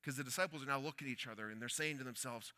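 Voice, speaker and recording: Bright-voiced preacher man. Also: medium pitch, rapid-fire. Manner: storytelling, swings between loud urgency and hushed quiet. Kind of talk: sermon.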